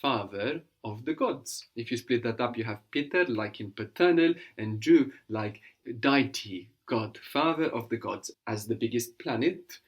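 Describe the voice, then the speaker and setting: A man's voice: medium pitch, expressive, unhurried, hardly any pauses. A man teaching a language lesson, patiently explaining words and prompting his student to translate.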